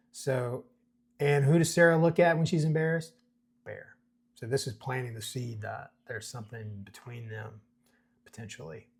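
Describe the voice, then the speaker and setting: A middle-aged man with a husky, slightly rough voice walks through a script in a relaxed, conversational way. He pauses and restarts often and fills gaps with small words, at an ordinary pitch. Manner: conversational, chuckles, many fillers and restarts. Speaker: host breaking down a screenplay. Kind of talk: casual commentary reading script excerpts.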